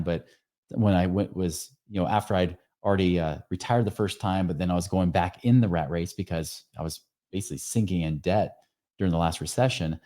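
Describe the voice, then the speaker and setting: Deep, mellow-voiced podcast host. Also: male voice. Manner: earnest, conversational, frequent fillers and self-corrections; speaks directly to the listener with rhetorical questions. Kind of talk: casual advice monologue.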